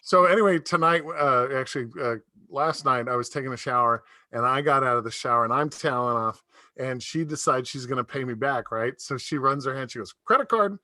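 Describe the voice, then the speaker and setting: A man's voice: mid-range voice, steady tone, fairly quick, pushed and bright, dry recording. A middle-aged man doing a stand-up comedy set over a video call, telling rambling stories and laughing at his own jokes.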